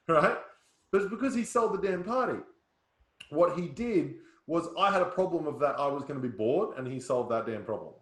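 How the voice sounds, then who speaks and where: A man's voice: a little high, lively intonation, fairly quick. A man coaching a sales workshop in a punchy way, often checking that listeners follow. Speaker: sales trainer. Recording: roomy echo.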